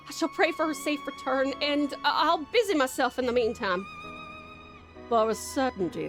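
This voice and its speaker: A woman voicing a gushing, anxious Southern belle mother in a video game, with a put-on American Southern accent and a breathy, fluttering delivery. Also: sits high, pitched above the performer's own voice.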